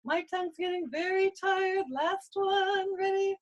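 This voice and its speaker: A woman's voice: extremely high pitch, animated, normal speed, rough recording. A woman teaching a singing lesson, coaching patiently and leading sung vocal exercises.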